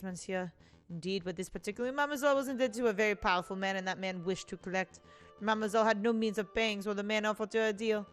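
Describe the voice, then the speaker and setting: Woman voicing a smooth accented male schemer. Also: mid-range voice, a bit bright, lightly acted. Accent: put-on Spanish then French. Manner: theatrical, poetic, evasive. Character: smooth scheming male prisoner faking a prince.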